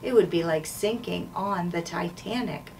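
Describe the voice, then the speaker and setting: A woman voicing a nervous, cautious young boy who talks in hushed whispers in a storybook read-aloud. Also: fairly low pitch, a little slow, vocal fry. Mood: worried. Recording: distant mic, faint noise.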